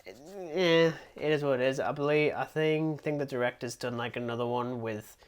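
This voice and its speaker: A man's voice: mid-range voice, normal speed, smooth. Rambling English man co-hosting a podcast. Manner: rambling and self-deprecating, with frequent "um"s and laughs. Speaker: podcast co-host. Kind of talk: casual film review chat.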